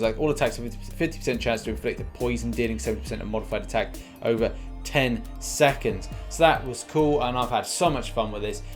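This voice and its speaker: A man hosting a casual game news vlog, talking in a chatty, rambling way with frequent restarts. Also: mid-range voice. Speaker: mobile game news host.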